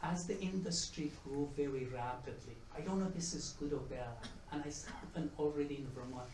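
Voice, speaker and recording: A man's voice: fairly high pitch, brisk, darkish tone, distant mic, a little hiss or hum. Man lecturing in an echoey hall. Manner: chatty, repeats and restarts words, tells jokes. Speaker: economics professor giving a talk. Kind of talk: conference presentation. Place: conference room with audience. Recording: echoey room, mic from afar.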